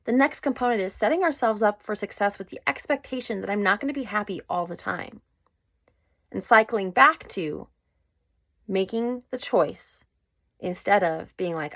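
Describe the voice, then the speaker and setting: A woman's voice: mid-range voice, lively intonation, normal speed, fairly bright tone, dry recording, clean studio sound. A woman hosting a solo self-help podcast, talking candidly and emphatically in a coaching manner. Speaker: podcast host.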